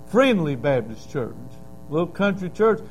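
A man's voice: on the high side, big pitch swings, unhurried, faint music behind, poor audio. A middle-aged man preaching a sermon, telling stories in a folksy way and building to emphatic cries.

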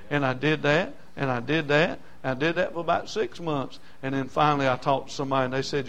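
An older man preaching a sermon, passionate, dropping from hushed storytelling to shouting. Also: mid-range voice, fast, hardly any pauses. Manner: impassioned, swings from hushed to shouting.

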